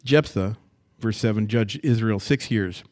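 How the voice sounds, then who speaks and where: A man from the US West Coast teaching a Bible passage verse by verse as a pastor, folksy and animated, with plain-spoken asides and stories. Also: on the low side, a little slow.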